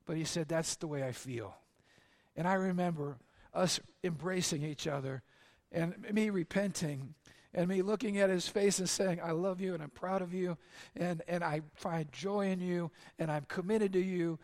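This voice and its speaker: A middle-aged man, a pastor, preaching a sermon with earnest personal stories, dropping quiet for confessions and lifting for the punchlines. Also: sits high, normal speed.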